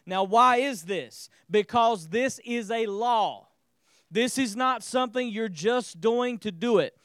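A male pastor preaches with a high, smooth, resonant voice. He drives his sermon with call-and-response, asking listeners to repeat words and restating his points. The sound is close and dry. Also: slow pace, fairly bright tone, no room sound.

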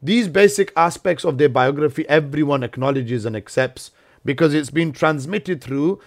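A man's voice: a little high, moderate pace. A man hosting a casual religious discussion, explaining at length and mixing Urdu words into his English. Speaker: imam and host.

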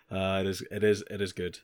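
A man's voice: sits low, darkish tone, clear, resonant tone, dry recording. A man co-hosting a casual anime recap podcast, laughing often and chiming in with short agreements. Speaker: podcast co-host.

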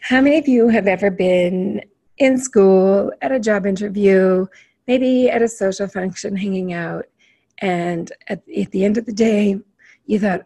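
Woman host of a self-help panel, slightly husky voice, encouraging, asks the group questions. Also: medium pitch, unhurried, mellow. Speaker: group facilitator.

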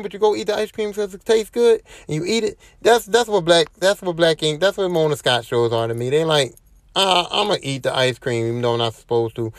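A man's voice: sits high, no room sound, studio quality. A young man hosting his own podcast, talking on his own in a rambling, slangy and often profane way. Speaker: podcast host. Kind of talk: casual solo podcast monologue.

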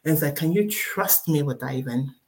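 Low-voiced lady telling her faith story, lots of "you know", acts out what people said. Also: moderate pace. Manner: animated, acts out dialogue, many fillers. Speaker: guest storyteller. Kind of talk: personal faith testimony.

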